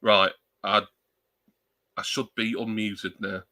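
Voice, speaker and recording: A man rambles through a casual live-stream chat, poking fun at himself as he goes. His lowish voice has a bright, pressed edge, and it comes across close and dry at his home desk mic. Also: little pitch movement, slow pace, no room sound. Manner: rambling, self-deprecating, joking. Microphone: new external desk mic.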